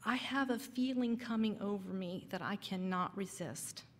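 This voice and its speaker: A woman voicing a teenage boy who leads a gang, reading his demanding lines in a slow storytelling voice. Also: mid-range voice, in a large hall, natural voice. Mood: bewildered. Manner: gruff, demanding. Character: threatening teenage male gang leader.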